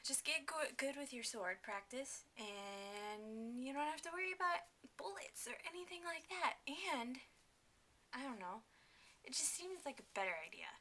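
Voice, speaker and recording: A young woman talking casually to her camera at home, chatty and enthusiastic, with many fillers and quick asides. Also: high voice, expressive, sharp tone, a little hiss or hum. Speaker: vlogger.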